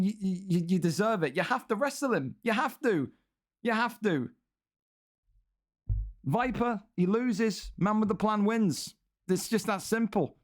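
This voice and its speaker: Brief: young male commentator, higher-pitched voice, blunt, profane, exasperated live game-fight calls. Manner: blunt, swearing, exasperated rants. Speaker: commentator and league host. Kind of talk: excitable esports fight commentary.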